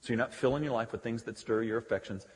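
A man preaching a sermon as pastor, emphatic, moving from loud declarations to quiet conversational asides. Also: medium pitch, fast. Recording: long hall reverb.

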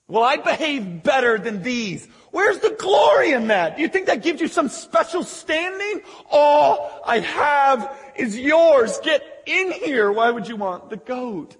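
A man's voice: extremely high pitch, a bit bright, voice pushed up, full character voice. A preacher acting out a pleading, loving father. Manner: emphatic, incredulous, exasperated pleading. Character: pleading, loving father of two grown sons. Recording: long echoey hall reverb.

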